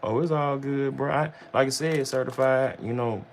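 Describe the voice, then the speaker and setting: A male vlogger chats casually on his livestream, rambling in loose slang and repeatedly dropping "bro" and "you know what I'm saying." His mid-range voice moves at a moderate pace, with a little hiss or hum on the recording.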